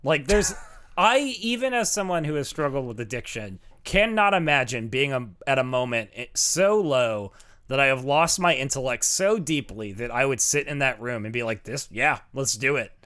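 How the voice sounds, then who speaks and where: A man's voice: mid-range voice, animated, moderate pace, a bit bright, smooth. A young man co-hosting a casual film podcast, joking around and laughing often. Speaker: podcast co-host.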